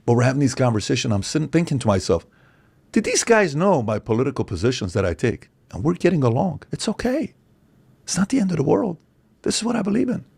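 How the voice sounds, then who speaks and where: A man in his forties, a podcast guest, speaking in an animated, opinionated monologue full of rhetorical questions and acted-out quotes. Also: on the high side, fast talker, vocal fry, husky. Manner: acts out quoted voices, emphatic, rhetorical questions.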